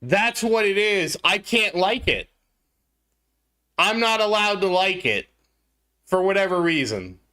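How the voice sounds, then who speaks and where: Flustered streamer with a lively pitch. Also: slow, pauses often. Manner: flustered, laughing at themselves, apologetic. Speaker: game streamer. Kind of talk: casual live-stream chat with viewers.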